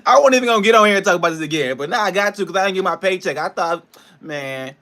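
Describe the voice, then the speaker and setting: A man's voice: high-pitched, lively intonation, quick pace, sharp tone. A man, a personal trainer and nutrition coach, ranting in a casual vlog, frustrated and profane, rambling between laughs.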